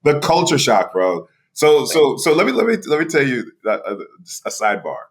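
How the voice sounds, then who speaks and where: A man in his forties from New York, a podcast guest telling his career story in an animated way, with many restarts and a repeated "right?". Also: medium pitch, normal speed. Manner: animated, frequent laughs and restarts, rhetorical "right?". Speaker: podcast guest, executive director. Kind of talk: storytelling interview.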